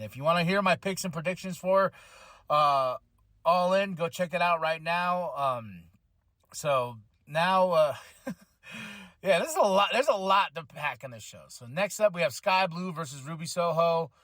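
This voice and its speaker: Excitable male podcast host, higher voice, dry close sound, casual recap that jumps into quoted voices. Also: no echo. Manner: excitable, acts out quotes with voices, many fillers. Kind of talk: casual wrestling show recap.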